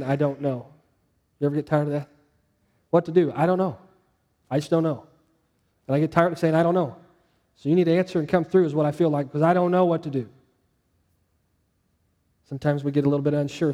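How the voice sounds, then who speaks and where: A pastor preaching a sermon, with animated delivery that rises for quoted lines and drops low and soft on key points. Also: male voice.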